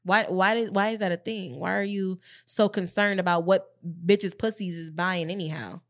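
A woman's voice: on the low side, fairly even intonation, moderate pace. A woman co-hosting a casual chat, frank and profane, agreeing and laughing along.

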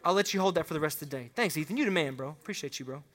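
A man's voice: a little high, racing. A man giving a casual, joking sermon to students as a youth pastor. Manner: casual, joking, excitable, talks straight to the students. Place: room with a student audience.

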